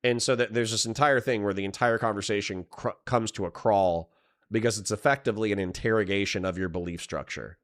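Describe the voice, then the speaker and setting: A man's voice: on the low side, steady tone, brisk. A man streaming live, rambling and swearing while he comments and reads chat messages aloud.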